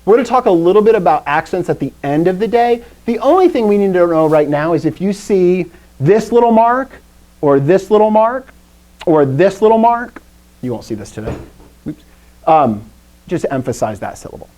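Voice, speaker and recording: Woman, chatty joking teacher on a video call, very lively pitch. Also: moderate pace. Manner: lively, chatty, quizzes the class, jokes. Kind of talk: live classroom lesson.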